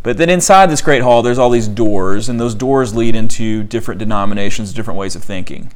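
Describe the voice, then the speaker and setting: A man's voice: fairly low pitch, brisk. A young man leading a book discussion in a loose, conversational way, with many fillers, who reads quotes aloud. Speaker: study group leader. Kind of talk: casual teaching talk.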